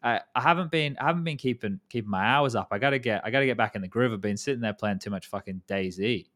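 A man's voice: lowish voice, fast, fairly bright tone. A man in his thirties hosting a casual esports chat, rambling, swearing casually and restarting his sentences. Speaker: podcast host.

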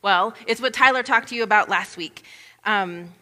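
Bright-voiced woman pastor preaching. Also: mid-range voice, normal speed. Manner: chatty, informal asides with "like" and "you know". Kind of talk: conversational sermon. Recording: long reverb of a large hall.

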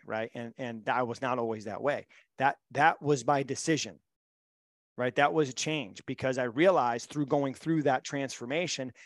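A man's voice: mid-range voice, no echo, clean studio sound. A middle-aged man and mental performance coach, telling stories in a podcast interview with a blunt, emphatic, motivational manner.

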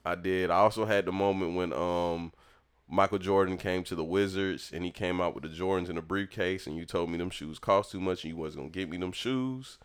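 Low-voiced man telling a story with flair. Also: a little fast, clean tone. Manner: animated, acts out voices in his story. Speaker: storyteller talking with his mother. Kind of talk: casual storytelling chat.

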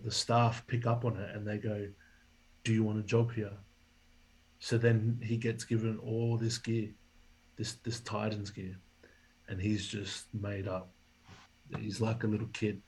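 A man recounts a story as an interview guest. His voice is low and husky, and his pitch stays fairly flat even as he voices the people he quotes. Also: rough recording. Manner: animated storyteller, acts out quoted dialogue. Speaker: podcast guest, former rugby league player.

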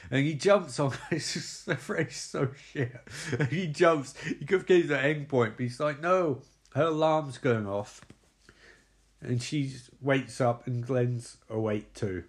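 A man's voice: medium pitch, a little mellow. A man recapping a film in a crude, sarcastic comedic manner. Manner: crude, sarcastic, laughing asides.

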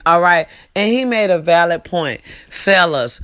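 A woman's voice: fairly low pitch, animated, measured pace, a bit bright. A woman delivering a profane, scolding comedic rant straight to her audience.

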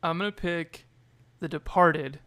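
A man's voice: fairly high pitch, unhurried, heavy background noise. A man in a casual podcast chat, talking loosely with lots of fillers and swearing. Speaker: podcast co-host.

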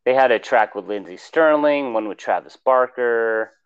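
A man's voice: mid-range voice, animated, normal speed, clear, resonant tone, dull audio. A man co-hosting a podcast, chatting casually and rambling about music with lots of fillers. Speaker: podcast co-host.

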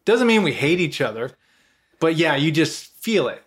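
A man's voice: on the high side, very animated, normal speed. A man from the US Midwest hosting a podcast, chatting casually and supportively with his guest. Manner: supportive, brief affirmations. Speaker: podcast host. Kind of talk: casual conversation.

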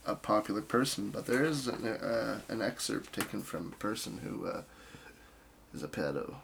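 A man's voice: fairly low pitch, animated, normal speed, gravelly, a bit bright, a little hiss or hum. A man as a podcast guest, chatting about music in a hesitant way with frequent restarts. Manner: hesitant, restarts often, laughs easily. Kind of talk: casual chat about music.

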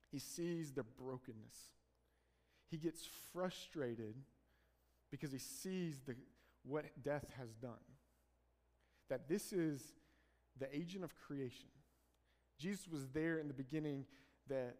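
Earnest male preacher, higher voice, reverberant hall. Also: a little mellow. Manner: earnest, building emphasis on key phrases. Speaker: pastor. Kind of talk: sermon.

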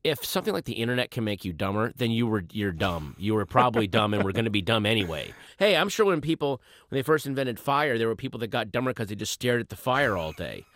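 A man, a comedian guest, musing in a dry, deadpan way during a radio interview. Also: fairly low pitch, fast, few pauses, dry recording. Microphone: studio microphone.

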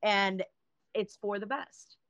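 A woman's voice: mid-range voice, takes it slowly, fairly bright tone, no echo. A woman sharing a personal story candidly in casual chat, with light laughs along the way.

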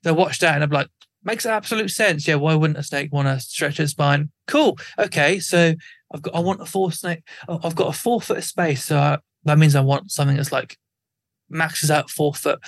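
A man's voice: fairly high pitch, normal speed. A man talking casually as a podcast guest, rambling with lots of fillers and acting out what other people would say. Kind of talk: casual chat.

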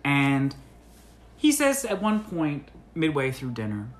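A man co-hosting a comedy podcast, telling a story in an animated way and acting out the quoted lines with big jumps in pitch. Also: slow, a little hiss or hum. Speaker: podcast co-host.

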